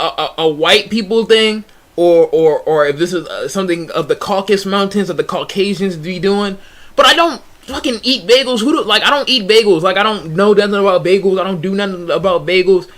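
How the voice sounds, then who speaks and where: A young man with a high voice tells a casual story on a livestream. He is animated and slangy, often restarts his sentences, and says "bruh" a lot. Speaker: streamer.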